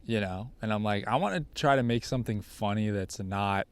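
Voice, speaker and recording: A man's voice: lowish voice, a little fast, clear, resonant tone. A man hosting a podcast in casual chat, thoughtful and a bit self-doubting with a wry edge. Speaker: podcast host.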